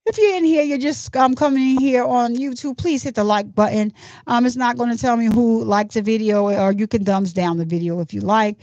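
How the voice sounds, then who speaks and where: A woman host reading court transcripts aloud, breaking in with animated, exclamatory asides. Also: on the high side, brisk, no echo. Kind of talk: casual commentary. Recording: dull lo-fi, dry.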